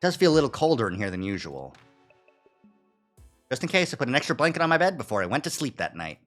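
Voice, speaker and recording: A man's voice swings widely in pitch as he reads game narration and tosses out wry asides. The delivery is expressive and casual. Faint game music plays underneath. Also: fast talker. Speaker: streamer. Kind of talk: gameplay commentary and reading narration aloud.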